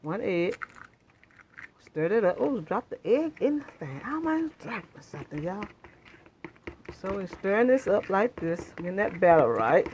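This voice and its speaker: A woman's voice: mid-range voice, big pitch swings, moderate pace, darkish tone, a little hiss or hum. A woman hosting a home cooking demonstration in her kitchen, chatting homely with viewers. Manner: homey, chatty, addresses viewers as y'all. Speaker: cooking channel host.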